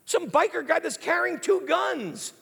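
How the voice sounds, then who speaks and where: A man preaching an animated sermon, telling stories in a lively, casual way. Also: very high-pitched, unhurried, gravelly. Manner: lively, storytelling, casual slang. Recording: long hall reverb.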